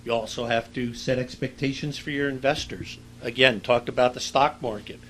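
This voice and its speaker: A middle-aged man lectures to a class in a loose, storytelling way, often pausing on "uh" and "you know". His voice is bright and forward. A faint steady hum sits under the recording. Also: medium pitch, low-quality recording. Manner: conversational, anecdotal, with frequent fillers. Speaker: university lecturer.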